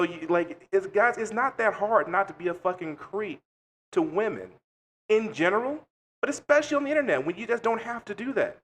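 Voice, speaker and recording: A man co-hosting a podcast, telling a story in casual chat with blunt, profane delivery. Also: high-pitched. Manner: blunt, profane, animated retelling. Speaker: podcast co-host.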